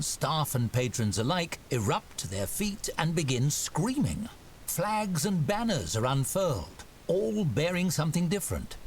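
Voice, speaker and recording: A man's voice: fairly high pitch, slight background noise. A man giving scripted narration for a story game in a dry storybook manner.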